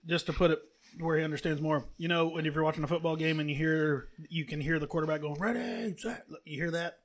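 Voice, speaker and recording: A man chatting casually on a podcast, relaxed and bantering. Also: a little high, fast. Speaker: podcast co-host. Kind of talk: casual chat.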